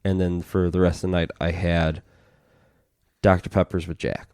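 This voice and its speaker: Deep-voiced man telling a rambling story. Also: flat delivery, moderate pace, darkish tone, smooth, no echo, studio quality. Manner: profane, rambling storyteller acting out quotes. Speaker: podcast co-host. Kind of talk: casual storytelling chat.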